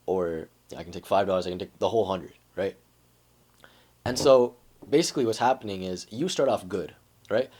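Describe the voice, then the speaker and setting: A man with a somewhat low, husky voice talks through an idea in a loose, conversational way. He keeps asking "right?" to check that the listener is following. It sounds like a relaxed self-help vlog. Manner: conversational, says "right?" and "like" often. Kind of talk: casual explainer monologue.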